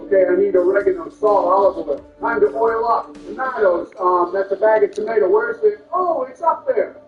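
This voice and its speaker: A man with a high, animated voice speaks at a moderate pace, doing comedic game commentary and trading crude insults through bickering impressions. The recording sounds roomy, distant and muffled, with music behind him.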